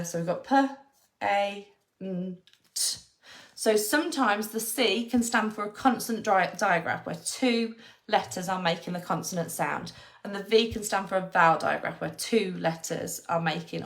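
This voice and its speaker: A woman, a former teacher, explaining phonics to parents and patiently sounding out letters one by one. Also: mid-range voice.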